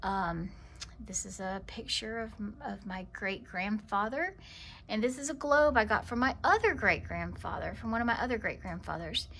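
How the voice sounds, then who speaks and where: A woman giving a casual tour of her home in a vlog, talking gently with many ums and pauses. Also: mid-range voice, animated, slight background noise. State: emotional. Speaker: vlogger. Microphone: handheld camera walked around.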